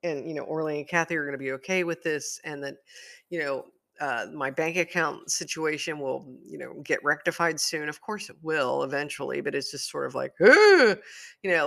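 A man's voice: a little high, gravelly, bright, forceful tone. A man talking through his week in a casual, rambling monologue as a podcast host, full of "you know" fillers and self-deprecating asides.

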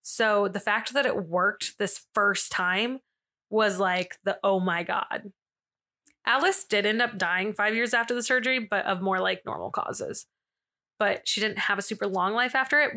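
Chatty young woman with a bright voice. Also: medium pitch, normal speed. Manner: chatty, filler-heavy, with frequent asides and laughs. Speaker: podcast host. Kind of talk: casual storytelling podcast.

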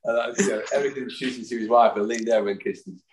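Deep-voiced man telling rambling stories. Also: quick pace, a little hiss or hum. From Manchester, England. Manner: rambling, lively, mimics others' voices in his stories. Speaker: podcast guest, football fan. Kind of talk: anecdotal storytelling. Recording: roomy echo.

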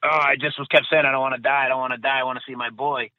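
A bombing survivor, a man, tells his story as a guest in a casual interview, rambling, correcting himself and repeating phrases. His mid-range voice barely moves in pitch and comes out rapid-fire. The recording is dry and tinny like a phone, with no room sound.

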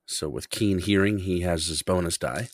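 A man playing a tabletop game, describing his character's actions in a calm, matter-of-fact way. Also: low-pitched, moderate pace, dry recording. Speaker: player.

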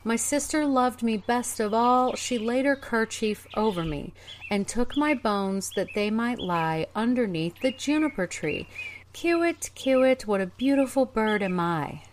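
A woman's voice: a little high, lively intonation, measured pace, slight background noise. A woman voicing a small magical bird that chants a mournful song. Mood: chanting.

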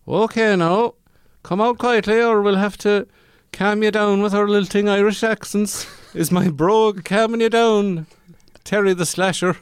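An old-fashioned Irish cop with a big, lilting brogue and a mock-soothing way of talking, as a man puts him on. The voice sits well above the performer's usual low register. It is recorded close and dry. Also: fairly even intonation, a little slow, hardly any pauses, clear, resonant tone, no echo.

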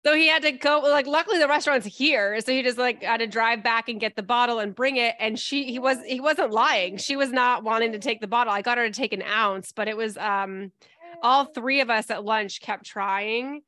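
A woman co-hosting a podcast in casual chat, telling anecdotes and acting out quotes, dropping soft on asides. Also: on the high side, moderate pace. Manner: chatty, drops soft on asides, acts out quotes. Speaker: podcast co-host.

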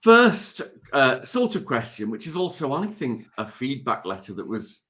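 A man's voice: medium pitch, big pitch swings, unhurried, sharp tone. A man hosting a casual podcast, playful and self-mocking as he reads listener letters aloud. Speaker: podcast host.

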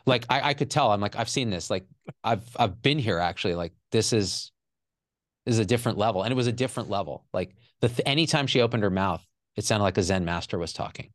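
Male guest, low voice, emotional confessional storytelling, repeats himself, swears, dry close mic. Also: fast, no room sound. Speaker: podcast guest. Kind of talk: personal storytelling.

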